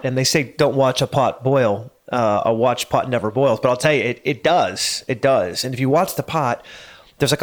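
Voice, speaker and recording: A middle-aged man hosting his own podcast, telling a story in a loose, conversational way with small chuckles and hesitations. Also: mid-range voice. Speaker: podcast host. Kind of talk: solo podcast monologue. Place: home studio.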